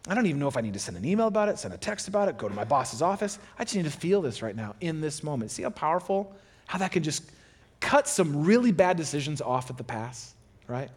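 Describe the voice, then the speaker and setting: A man preaching as pastor in a gentle, encouraging, conversational way, acting out a listener's inner thoughts in quoted asides. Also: a little high, sing-song, a little fast. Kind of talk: sermon.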